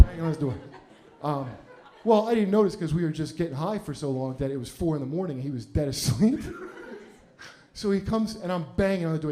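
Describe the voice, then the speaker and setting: A male comedian spins a long, profane personal anecdote in a loose, rambling way, laughing often as he talks. His voice sits a little high for a man, yet the tone stays dark and mellow. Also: animated, brisk. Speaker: comedian and podcast host. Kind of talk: casual storytelling anecdote.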